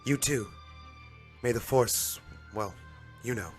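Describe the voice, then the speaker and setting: A man's voice: mid-range voice, slow, faint music behind, close to an everyday voice. A man voicing a young, earnest, slightly unsure female Jedi knight in a comic read-aloud.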